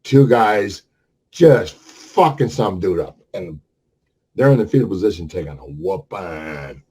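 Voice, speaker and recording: A man's voice: sits low, expressive, a little slow, warm tone, breathy edge. A man in his sixties telling a rambling, heated story with lots of swearing, talking casually to a camera. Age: 60s. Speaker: vlogger.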